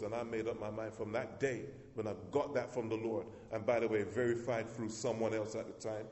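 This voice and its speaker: Emphatic male pastor in an echoey hall. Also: darkish tone. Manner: emphatic preacher, repeats words, rises in pitch for emphasis. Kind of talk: sermon. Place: church hall.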